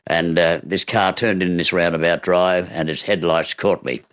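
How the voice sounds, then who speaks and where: An older Australian man telling stories from his life in an interview, with a halting delivery full of fillers. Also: low-pitched. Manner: halting, with many fillers and lively storytelling. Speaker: guest, actor. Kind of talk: storytelling in an interview.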